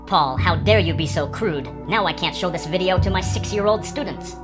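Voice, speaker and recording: A man's voice: high voice, normal speed, over music, pitched above the performer's own voice, close to an everyday voice. A man voicing an indignant, scolding woman schoolteacher. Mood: scandalized. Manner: scandalized, scolding.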